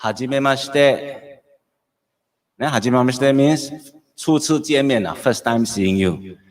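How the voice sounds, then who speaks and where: A man's voice: medium pitch, lively intonation, moderate pace, a little mellow. A middle-aged man with a Singaporean English accent, teaching a live-streamed Japanese lesson, repeating phrases and checking in with "okay?" often.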